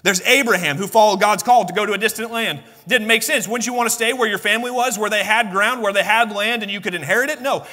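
Male pastor, impassioned sermon, high ringing voice, long church reverb. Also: quick pace, hardly any pauses, pushed and bright. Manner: impassioned preaching, acts out voices of biblical figures. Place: church sanctuary.

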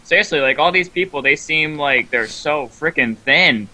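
Bright-voiced excitable man playing games. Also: on the high side, moderate pace, rough recording. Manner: excitable, prone to yelling and laughing. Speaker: co-player. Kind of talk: comedic gameplay chat.

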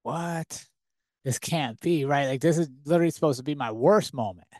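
A man's voice: fairly high pitch, fast, no echo. Man telling a story, dry close sound. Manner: lively, conversational, rhetorical questions. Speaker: podcast host. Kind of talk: casual storytelling monologue.

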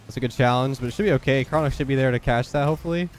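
A young man with a stuffed-up, nasal voice, giving quick, focused play-by-play commentary on his own game. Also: mid-range voice. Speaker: gaming YouTuber. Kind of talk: live gameplay commentary.

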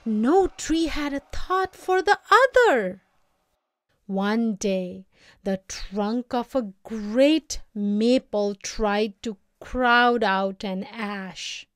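A woman reading a folk tale aloud as storybook narration, slow and expressive. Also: a little high, dry recording, clean studio sound. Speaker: reader.

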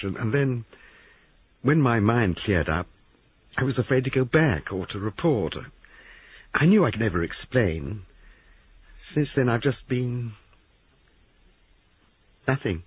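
A man's voice: on the low side, expressive, slightly rough, dry recording, voice pushed up. A man reading aloud and voicing a nervous young army deserter who stammers and halts. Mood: shaken. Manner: halting, stammering, raised voice. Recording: dry, tinny phone-like sound.

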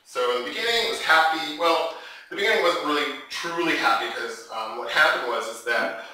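A man giving an animated, joking public talk as an invited author, acting out the voices in his stories. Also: a little high, brisk. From Canada. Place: lecture room at a college. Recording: very echoey room, mic far off.

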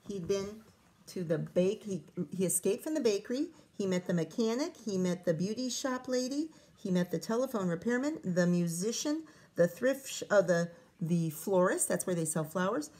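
A woman teacher reading a storybook aloud to children, pausing to chat and ask them questions. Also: mid-range voice, darkish tone. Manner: chatty, asks children questions.

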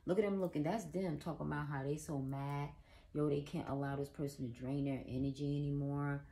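A woman's voice: low voice, steady tone, a little fast, mellow. A woman giving a casual psychic tarot reading, blunt and profane, talking straight to the viewer. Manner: blunt, profane, emphatic, talks to viewer as "girl". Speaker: tarot reader.

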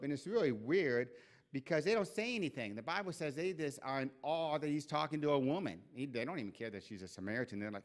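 A man preaching a church sermon, telling a scripture story with lively acted-out voices and asides. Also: medium pitch, brisk. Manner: animated storytelling, acts out quoted voices. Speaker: pastor. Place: church sanctuary.

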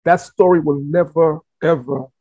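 A man from the Caribbean hosting an interview, animated and talkative, often repeating words as he thinks. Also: a little high, normal speed, husky, no room sound. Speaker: host. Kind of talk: casual interview chat. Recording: dull, dry lo-fi sound.

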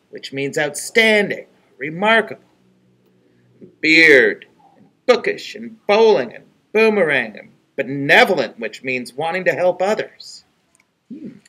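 A man reads a picture book aloud for children at a library storytime. His voice is high and bright, unhurried, and rises and falls expressively as he adds gentle asides.

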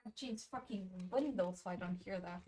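A woman's voice: medium pitch, moderate pace, dark tone. A young woman streaming a game live, cursing and laughing in exasperation as she plays. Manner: swearing a lot, exasperated, laughing often. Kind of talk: live gameplay commentary.

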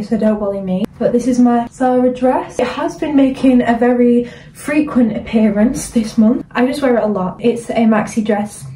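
A woman's voice: on the high side, a little mellow, far from the mic, slight background noise, low-quality recording. A young woman from Yorkshire with a Yorkshire accent, chattily narrating each step of her routine in a casual get-ready-with-me vlog from her bedroom. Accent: Yorkshire English. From Yorkshire, England. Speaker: vlogger. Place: bedroom at home.

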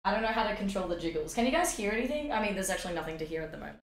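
A woman's voice: medium pitch, lively intonation, very fast, reverberant, a little hiss or hum. A woman streaming a game live, chatting and swearing freely with her chat and sing-songing greetings, her voice a bit worn out.

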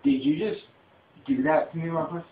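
A man's voice: on the high side, fairly even intonation, moderate pace. A man hosting a homemade comedy skit, bossy and self-pitying, talking in blustering bursts. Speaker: comedy show host playing the boss. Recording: dull tinny phone-like audio in an echoey room.

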